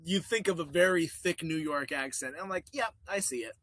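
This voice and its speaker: A man co-hosting a podcast in casual chat, animated and laughing often as he talks things over. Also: on the high side, fairly quick, dry recording. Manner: animated, quotes people in put-on voices, laughs often. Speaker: podcast co-host.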